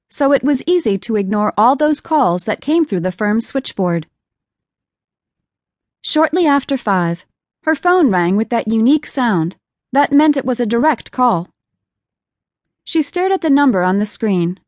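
Female audiobook narrator, measured delivery, higher pitch, dead-dry booth. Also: dry recording. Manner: steady, measured storytelling. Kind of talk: scripted narration.

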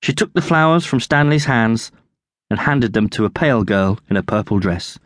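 A man narrating his own children's adventure book with lively, expressive storytelling. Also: mid-range voice, moderate pace, no echo, clean studio sound. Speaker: audiobook narrator and author.

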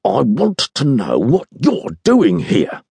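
A man's voice: medium pitch, big pitch swings, measured pace, a little mellow, dry recording, voice pushed up. A man voicing a dour, middle-aged chief inspector who speaks grimly and formally in an audiobook. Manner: grim, gruff, formal.

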